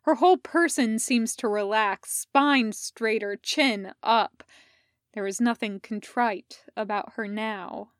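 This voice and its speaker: A woman reading fan fiction aloud in an even, measured storytelling manner. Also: a little high, dry recording, clean studio sound. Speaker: podfic reader.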